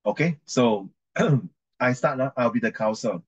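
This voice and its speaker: A man's voice: mid-range voice, animated, unhurried, slightly rough, poor audio. Chatty man teaching an English reading class. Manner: chatty, repeats and corrects himself, mixes in Chinese.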